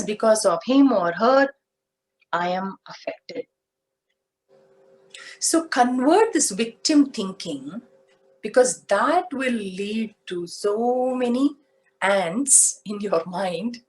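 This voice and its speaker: A woman giving a motivational spiritual talk, speaking deliberately and asking her listeners questions. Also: medium pitch, darkish tone, low-quality recording. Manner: slow, deliberate, asks the audience questions.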